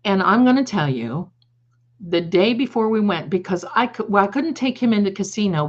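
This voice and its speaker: An older woman hosting a tarot livestream, telling rambling funny stories in a chatty, digressive way and laughing at her own jokes. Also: on the low side. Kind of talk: casual storytelling to a live audience. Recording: slightly dull lo-fi sound.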